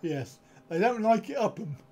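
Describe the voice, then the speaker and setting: A man's voice: high-pitched, animated, normal speed, darkish tone, husky. A middle-aged man, hosting a casual live stream with jokey, chuckling banter from home. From United Kingdom.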